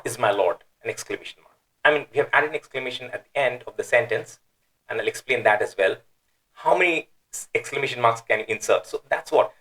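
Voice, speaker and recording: A man's voice: mid-range voice, rough recording. Man patiently explaining, with emphatic intonation. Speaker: Quran teacher. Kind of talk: explanatory lecture.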